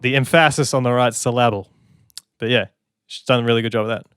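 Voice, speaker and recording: A man's voice: medium pitch, steady tone, quick pace, fairly bright tone, clean tone, no echo, studio quality. A man, a songwriter, giving casual, enthusiastic commentary on an album and scatting melodies as he talks. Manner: enthusiastic, chatty, hums and scats melodies. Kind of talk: casual music reaction commentary.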